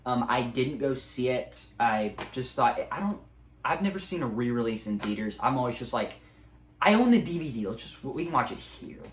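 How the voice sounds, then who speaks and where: A man's voice: medium pitch, sing-song, moderate pace. A young man in a casual movie review, rambling with many ums and likes. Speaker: video creator. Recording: echoey room, faint ambient noise.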